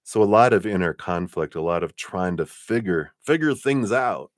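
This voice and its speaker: A man's voice: low-pitched, normal speed, dry recording, studio quality. A man giving casual live tarot readings in a laid-back, chatty way, laughing often and letting sentences trail off. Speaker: tarot reader.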